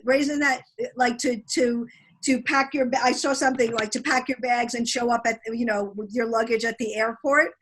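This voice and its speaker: A woman's voice: fairly high pitch, fairly even intonation, moderate pace, fairly bright tone, low-quality recording. A woman interviewing a guest over a video call, rambling with self-interrupting asides.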